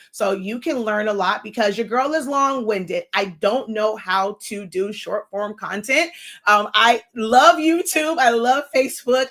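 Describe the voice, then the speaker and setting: A middle-aged woman hosting a casual livestream, fast-talking and long-winded, working to slow herself down. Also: fairly high pitch, fairly bright tone. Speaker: livestream host and creative instructor. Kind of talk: casual live-stream talk.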